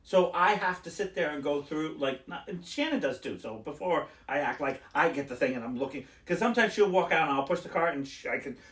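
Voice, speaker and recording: A podcast host tells a story in casual chat, animatedly acting out store clerks and swearing casually. His voice is a little high and a little fast, with hardly any pauses, and it sounds roomy and far from the mic.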